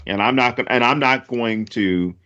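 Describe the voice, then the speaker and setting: A man's voice: mid-range voice, moderate pace, dull audio, a little hiss or hum. Rambling, jokey man on a podcast. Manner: rambling, jokey, animated asides. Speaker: podcast co-host. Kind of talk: casual movie discussion.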